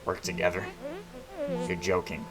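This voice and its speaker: A man reading a young woman's scornful, frightened dark reflection from a game. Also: sits low, flat delivery, moderate pace, over loud music, rough recording.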